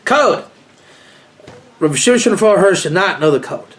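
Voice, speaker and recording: This informal lecture to a small group comes from a rabbi with a high voice at normal speed. He rambles, cracks jokes, stays animated, and poses questions to his listeners.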